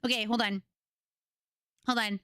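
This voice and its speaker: A young adult woman livestreamer chatting casually with her audience, excitable and giggly as she tells stories. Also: a little high, unhurried, clear, resonant tone, no room sound, clean studio sound. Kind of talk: casual chat with a live audience. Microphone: desk microphone.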